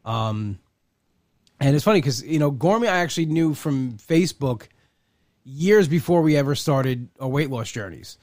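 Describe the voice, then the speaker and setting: A man's voice: mid-range voice, expressive, moderate pace, darkish tone, dry recording, clean studio sound. A man hosting a casual conversation, telling rambling, self-deprecating stories.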